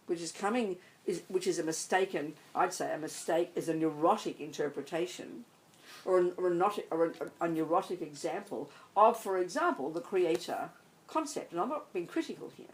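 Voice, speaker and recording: A woman's voice: fairly low pitch, animated, normal speed, low-quality recording. A woman, a Buddhist nun, giving an emphatic, blunt dharma talk to a group. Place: meditation centre hall.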